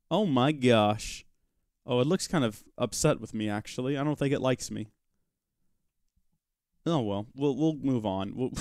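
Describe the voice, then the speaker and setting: A man narrates his live game session in a loose, joking way, talking to his viewers and to objects in the game. His pitch swings a lot, bouncy and expressive. The sound is close and dry, with no room echo. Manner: chatty, joking asides, talks to chat and his pet rock. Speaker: gaming livestream host. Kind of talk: live Minecraft modpack let's-play commentary.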